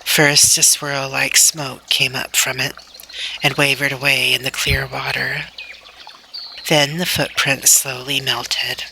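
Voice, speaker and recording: A woman reading a children's novel aloud in a slow, deliberate, gentle way. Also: a bass voice, little pitch movement, creaky, slight background noise. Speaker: storybook reader.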